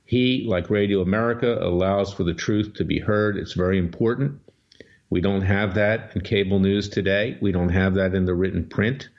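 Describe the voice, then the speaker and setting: A man hosting political talk radio, lowish voice and an emphatic, combative way of laying out his case. The audio is dull and lo-fi, like an old radio broadcast. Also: fairly even intonation, moderate pace. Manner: emphatic, combative, scornful delivery. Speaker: radio talk show host and lawyer.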